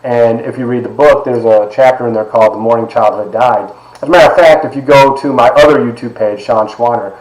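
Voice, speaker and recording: Brisk and a little mellow, the medium-pitched voice belongs to a forties-aged lecturer from Ohio, United States. He's being open with his class about something personal, talking forcefully yet casually and dropping in plenty of side remarks, all captured in an echoey room.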